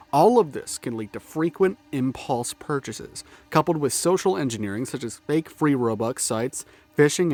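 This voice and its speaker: A man mid-rant in a commentary video, swearing constantly and breaking off to laugh at his own tangents. He sounds slightly out of breath from the cold, with a voice of ordinary middle pitch. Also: a little mellow. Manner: profane, swears freely, self-interrupting with laughs and asides. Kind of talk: ranting video-essay commentary. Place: outdoors in the cold.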